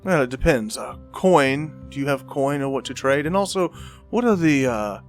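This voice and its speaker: A man's voice: medium pitch, animated, normal speed, voice pushed up, close to an everyday voice. A man voicing a tough, blunt woman mercenary who haggles over coin, over faint music. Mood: haggling.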